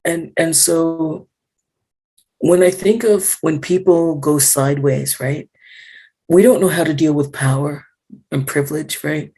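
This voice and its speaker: A woman speaking in a casual panel discussion, frank and animated, with lots of fillers, over a video call. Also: low voice, unhurried, husky. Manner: animated, frank, full of fillers and acted-out quotes.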